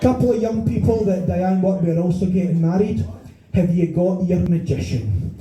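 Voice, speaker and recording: A middle-aged Scottish comedian performs a stand-up set in a small bar venue, swearing through a rant full of fed-up rhetorical questions. His high, mellow voice moves at a moderate pace, and the lo-fi recording echoes around the bar room.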